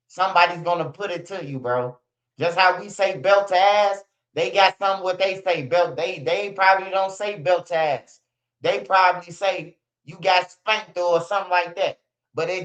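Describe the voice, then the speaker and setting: A man with a Chicago accent giving casual, slang-heavy commentary as a channel host, often ending lines with a low "bro" or "man". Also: fairly bright tone, highs cut off. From Chicago area. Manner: slangy, repetitive, drawls "bro" and "man" low at line ends.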